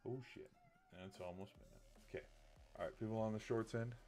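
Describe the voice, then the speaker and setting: A tired man talks casually on a late-night livestream in a somewhat low voice. He rambles and gets heated, tripping over restarts and filler words. Faint music plays behind him. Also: brisk, darkish tone. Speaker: streamer.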